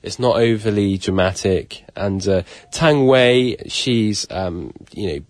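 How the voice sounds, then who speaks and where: A man's voice: fairly low pitch, slow pace, no echo. A man chatting on a radio show about a film, with lots of hesitant ums and uhs. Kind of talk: casual radio chat.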